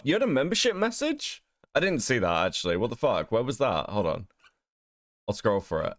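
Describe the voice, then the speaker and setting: A man's voice: mid-range voice, huge pitch swings, a little fast, dry recording, clean studio sound. A man hosting a livestream, talking casually with a mocking, profane edge and frequent laughter. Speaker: streamer host.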